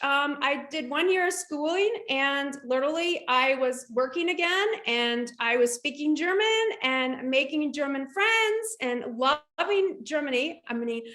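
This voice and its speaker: A middle-aged woman guest telling a personal story in an interview, animated and lively, with frequent restarts. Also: sits high, reverberant. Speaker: guest entrepreneur.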